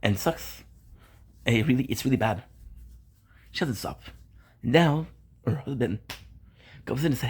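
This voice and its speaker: Upset husky man venting. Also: medium pitch, unhurried, pauses often, a little mellow. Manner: upset, repetitive, swearing. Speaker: content creator. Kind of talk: emotional venting vlog. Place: home balcony.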